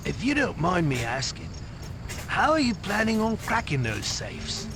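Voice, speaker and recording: A laid-back informant, shaky Cockney. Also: male voice, high-pitched, huge pitch swings, a little slow, exaggerated voice. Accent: weak attempt at Cockney. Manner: casual, surfer-like delivery. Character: streetwise male informant in a game. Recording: game audio with loud ambient noise.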